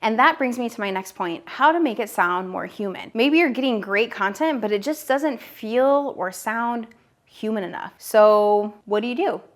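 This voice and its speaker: A woman's voice: on the high side, expressive, moderate pace. Upbeat woman in her thirties teaching. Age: 30s. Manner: upbeat, direct, talks straight to the viewer. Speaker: online business educator. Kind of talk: direct-to-camera teaching video.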